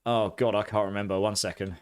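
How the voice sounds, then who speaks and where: A chatty man with an Essex accent mixed with a bit of posh English, giving live commentary while he plays. He laughs easily and reacts with excitable bursts. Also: fairly low pitch, fast talker, clear, resonant tone. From near London, England. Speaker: streamer.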